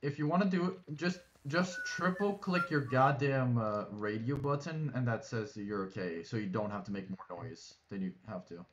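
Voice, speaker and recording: A man with an ordinary, middle-pitched voice who steers his teammates through a game, laying down the rules in a blunt, bossy way. He swears freely and sounds short on patience with their antics. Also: moderate pace, few pauses, lo-fi sound, slight background noise. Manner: bossy, profane, explains rules to the team. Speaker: streamer. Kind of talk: casual gaming voice chat.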